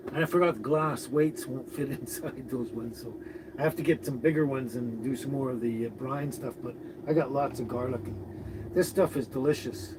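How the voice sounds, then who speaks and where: A man hosting a casual live stream, greeting viewers and chatting in a relaxed, rambling way with frequent chuckles. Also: medium pitch. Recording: noisy recording with birds behind.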